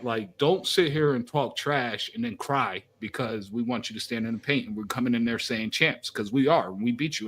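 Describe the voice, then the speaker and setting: A man's voice: medium pitch, fairly bright tone. A young man co-hosting a sports podcast, speaking in a brash, emphatic, trash-talking way. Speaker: podcast co-host. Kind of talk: casual sports chat.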